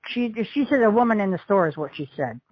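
A woman's voice: medium pitch, lively intonation, fast, breathy edge, no room sound, highs cut off. A middle-aged woman recounting a past event as an interview witness, rambling along and acting out the dialogue she quotes. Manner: rambling storyteller who acts out quoted dialogue.

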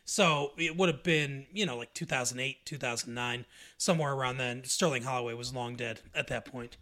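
A man's voice: medium pitch, a little fast, sharp tone. A man hosting a podcast, chatting casually, rambling and joking with frequent laughter and swearing. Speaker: podcast host.

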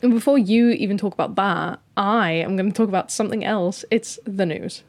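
Woman reading out news on a podcast, teasing and deadpan. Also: medium pitch, a little fast. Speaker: podcast co-host. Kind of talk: casual chat, reading news.

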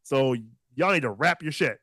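High, animated, foul-mouthed male podcaster. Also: unhurried, slightly rough, no room sound. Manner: profane, animated storyteller who laughs often. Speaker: podcast co-host. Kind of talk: casual podcast chat and storytelling.

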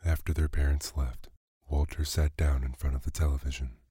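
Very deep, husky male storyteller. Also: level tone, moderate pace, warm tone, dry recording, studio quality. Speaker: narrator. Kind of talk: bedtime story reading.

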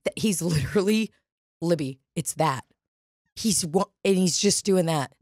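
A woman's voice: on the low side, measured pace, dry recording, studio quality. A woman co-hosting a podcast, telling a bar story with lots of swearing and acting out the people she quotes. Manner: profane, animated, acts out quoted voices. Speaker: podcast co-host. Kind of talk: casual storytelling chat. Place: dining room studio.

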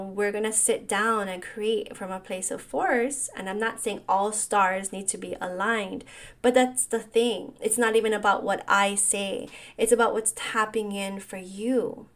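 A woman, hosting a solo coaching talk in an earnest, reflective way and often asking "right?". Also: mid-range voice. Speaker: business coach podcast host.

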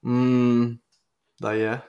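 A man's voice: medium pitch, monotone, very slow, mellow, lo-fi sound. A young man with a Northern Irish accent, co-hosting a podcast in casual chat, giving blunt, short, dry replies. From Northern Ireland. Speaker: podcast co-host. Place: small home studio.

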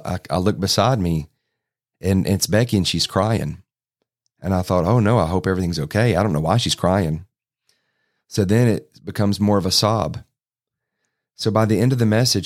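Middle-aged pastor, folksy storyteller with dry self-deprecating jokes, lowish voice. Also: male voice. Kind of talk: sermon storytelling.

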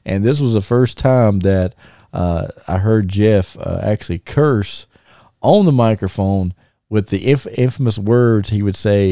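A man's voice: lowish voice, measured pace, no room sound, clean studio sound. A man casually telling old wrestling stories, laughing often and restarting his sentences. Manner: animated, laughing, many restarts and fillers. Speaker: former wrestler, podcast guest. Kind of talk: casual storytelling chat.

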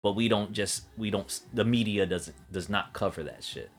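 A man's voice: fairly low pitch, moderate pace. A man in casual podcast chat, talking in a profane, rambling way with lots of restarts. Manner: profane, rambling, self-interrupting.

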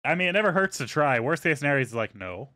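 A man's voice: on the high side, expressive, very fast, pushed and bright, no room sound, clean studio sound. A man hosting a casual podcast, joking around with his co-hosts before wrapping up the episode. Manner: joking, wraps up plainly. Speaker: podcast host.

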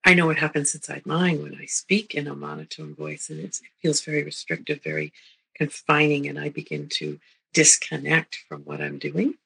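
A middle-aged woman lectures as a therapist, her voice gravelly with a breathy, husky edge. She speaks gently and unhurriedly, repeating herself and checking in with her listeners as she goes. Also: deep voice, animated, normal speed, poor audio. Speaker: therapist teaching a psychology talk. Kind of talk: recorded lecture.

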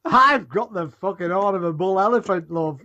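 A man in crude, rambling casual banter as podcast co-host, sweary and excitable. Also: high voice, normal speed. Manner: sweary, excitable, mock-indignant. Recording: dull lo-fi recording.

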